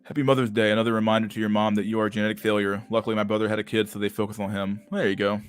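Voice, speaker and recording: A man's voice: fairly low pitch, level tone, rapid-fire, clear, resonant tone, soft background music. A young man hosting a livestream and reading chat, talking in a crude, slangy, casual way and laughing often.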